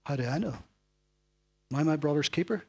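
Preacher voicing a lying, evasive man, husky and low, lilt, brief aside in a sermon. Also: animated, a little fast.

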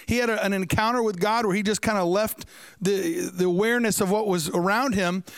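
Male preacher, storytelling sermon, high resonant voice, dry close sound. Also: fairly even intonation, brisk, clean tone, dry recording. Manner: storytelling with asides to the congregation.

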